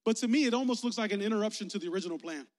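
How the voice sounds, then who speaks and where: A man's voice: sits high, racing, darkish tone. A young man preaching a casual, playful sermon as youth pastor, talking with his listeners. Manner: playful, conversational, engaging the audience. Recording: echoey hall.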